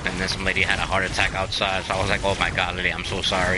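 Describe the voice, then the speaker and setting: Over some background noise, a low-voiced man speaks in a level tone, rapid-fire and with few pauses, as he plays a video game. The gaming channel host rambles along casually, cheering listeners on with plenty of fillers.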